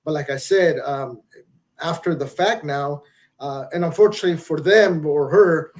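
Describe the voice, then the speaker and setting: A middle-aged retired Marine man with a fairly high voice, talking as a guest in a casual interview. He is candid and reflective, restarts his sentences often, and swears now and then. He sounds blunt and down to earth. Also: normal speed. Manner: blunt, with salty language. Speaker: retired Marine master gunnery sergeant, guest.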